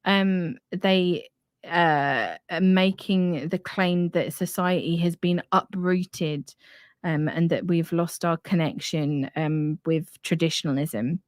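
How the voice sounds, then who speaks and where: A young woman with a strong Estuary English accent, her voice sitting low for a woman. She talks in a frank, chatty way and swears casually. The sound is close and dry, with no room around it. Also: steady tone, slow, no echo. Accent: Estuary English, London area. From England, near London. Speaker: podcast host. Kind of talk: casual live-stream discussion.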